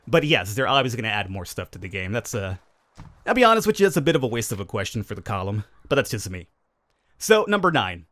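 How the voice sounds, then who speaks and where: A man's voice: fairly low pitch, big pitch swings, fast, fairly bright tone. A man hosting a gaming channel, answering viewer questions in casual, chatty commentary with opinionated, wry asides. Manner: chatty, opinionated, self-aware cynical asides.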